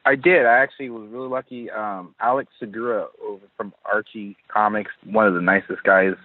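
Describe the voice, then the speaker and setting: A man, an artist, telling stories as an interview guest in an animated way with frequent laughs. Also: lowish voice, brisk. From Southern California. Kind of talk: casual interview chat. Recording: tinny phone-line audio.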